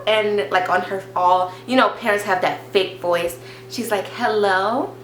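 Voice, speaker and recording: A woman's voice: mid-range voice, moderate pace, soft background music. A young woman vlogger telling a story in casual chat, acting out other people's voices. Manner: animated, acts out voices of teacher, nurse and mom. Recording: echoey room with faint hum.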